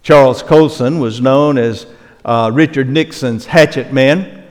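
An older male pastor preaching a sermon earnestly, slowing down for emphasis and dropping softly into prayer. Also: medium pitch. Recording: long hall reverb.

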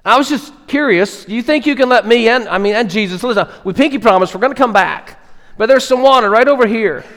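A man's voice: very high voice, quick pace, fairly bright tone, pitched above the performer's own voice. A man voicing a bewildered, newly saved thief who stammers and pleads. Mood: pleading. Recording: echoey hall reverb.

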